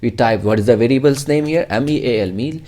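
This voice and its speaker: A man's voice: mid-range voice, fast, warm tone. A man teaching a casual coding tutorial, rambling and swearing freely as he jokes with himself. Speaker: programming tutor.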